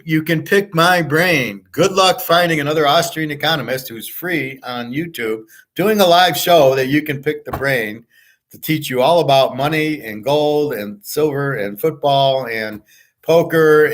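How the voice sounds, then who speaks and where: A man's voice: a little high, measured pace, a bit bright. A middle-aged man hosting a live stream, ranting bluntly and swearing often in a casual monologue. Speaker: host of a live show.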